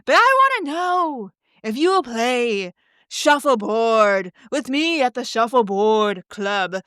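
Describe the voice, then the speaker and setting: A woman's voice: very animated, slow pace, a bit bright, clear, resonant tone, no room sound, studio quality, exaggerated voice. A woman imitating a pushy woman fan who rambles and gushes while asking a question. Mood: gushing. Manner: gushing, rambling, high-pitched.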